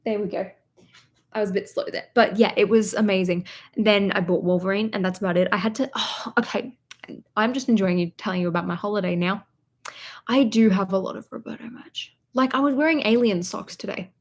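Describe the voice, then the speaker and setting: A woman's voice: mid-range voice, fairly quick. A young woman vlogger chatting live from a hotel room, telling a long rambling story and talking to her viewers as she goes. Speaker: vlogger hosting a livestream. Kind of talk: casual live-stream chat.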